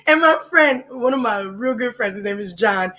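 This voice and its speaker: A young Philadelphia native, guesting on a podcast, swaps stories in casual, slangy conversation and laughs between lines. She speaks at a moderate pace in a voice on the high side, animated and prone to laughing mid-story.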